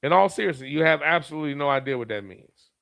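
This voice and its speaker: A man's voice: a little high, expressive, quick pace, creaky, a bit bright, no room sound. A man who reads viewer comments aloud as a streamer and gives blunt, profane, heated commentary. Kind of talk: profane live commentary reading chat.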